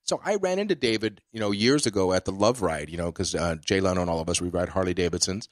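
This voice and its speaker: A man's voice: low voice, quick pace, dry recording. A man hosting a podcast interview, telling long rambling stories with many fillers. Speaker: podcast host. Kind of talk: casual interview chat.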